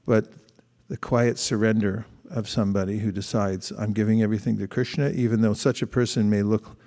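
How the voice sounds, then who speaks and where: Low, mellow-voiced man giving a sermon. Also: flat delivery, fairly quick, long reverb tail. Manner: conversational, reflective, quotes scripture and reads aloud. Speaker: speaker giving a scripture class.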